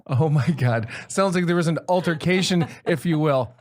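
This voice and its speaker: A young man hosting a casual comedy podcast from a small studio, joking with profanity and animated energy. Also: a little high, normal speed. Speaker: podcast host.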